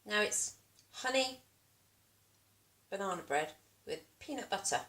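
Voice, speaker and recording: A woman's voice: medium pitch, expressive, a little slow, fairly bright tone. A British woman vlogging casually at home, chatting in a rambling way while cooking and tasting. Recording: echoey room, voice from a distance.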